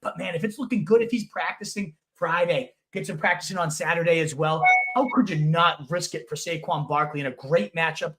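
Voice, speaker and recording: High-voiced excitable fantasy football co-host. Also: male voice. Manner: emphatic, swears for emphasis, quick bursts of excitement. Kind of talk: casual sports analysis chat.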